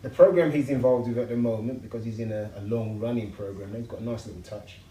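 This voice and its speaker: Brief: lively, slangy male interview guest, mid-pitched, roomy sound. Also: fast, far from the mic, slight background noise. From England. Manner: lively storyteller, slangy and upbeat. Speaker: interview guest, builder and TV personality. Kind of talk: casual interview chat. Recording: echoey room.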